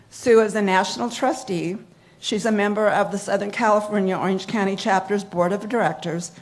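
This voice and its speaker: A woman hosting a conference session with upbeat welcoming remarks, her voice worn and going. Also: medium pitch. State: losing her voice. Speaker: session host.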